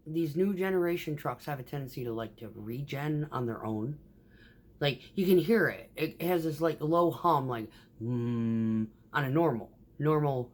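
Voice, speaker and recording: A woman who drives a concrete mixer truck, telling profane, animated stories about her workday in a casual vlog. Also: low voice. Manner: profane, animated, acts out quoted voices.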